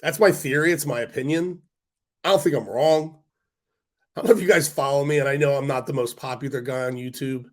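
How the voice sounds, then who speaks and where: A man hosting a casual stock market livestream, talking bluntly in a rant with quick asides to his viewers; his voice is hoarse and congested. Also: medium pitch. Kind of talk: casual livestream talk to chat.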